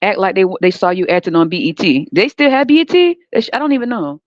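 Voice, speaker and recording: A woman's voice: medium pitch, sing-song, quick pace, no room sound. Profane ranting woman, dull dry recording. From United States. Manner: profane, emphatic ranting with frequent rhetorical questions. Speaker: podcast host. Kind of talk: unscripted monologue.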